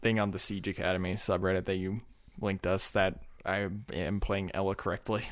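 A man on a casual podcast, mid-pitched and relaxed. He talks hesitantly and trails off often. His voice sounds dry and close, with no room echo. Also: normal speed. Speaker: podcast co-host. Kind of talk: casual chat.

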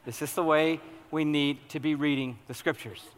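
Animated preaching man in a big hall. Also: fairly high pitch, normal speed. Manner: animated, humorous, builds to loud excited preaching. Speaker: pastor. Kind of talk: sermon.

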